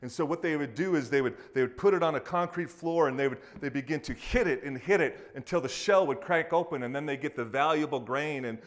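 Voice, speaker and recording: A man preaching a sermon to a congregation, speaking casually and acting out quoted voices with lively emphasis. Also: on the high side, fairly quick, hardly any pauses. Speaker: pastor.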